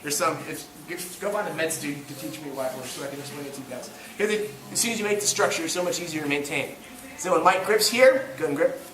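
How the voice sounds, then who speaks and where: A man's voice: a little high, quick pace, background noise. A man teaching a grappling class live, demonstrating on a partner and cracking self-mocking jokes as he coaches. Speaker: jiu-jitsu instructor. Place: indoor training gym. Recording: echoey gym from far off.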